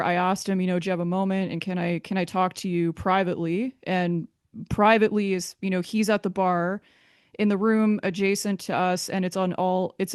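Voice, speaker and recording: A woman's voice: fairly low pitch, a little mellow, clean tone, no room sound, studio quality. A woman being interviewed, giving a candid personal account in a hesitant way, often restarting her sentences.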